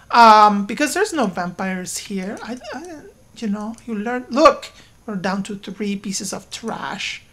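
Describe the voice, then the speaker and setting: A woman giving casual let's-play commentary, excitable and talking to her game characters, with sudden loud outbursts. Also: medium pitch. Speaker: gaming YouTuber.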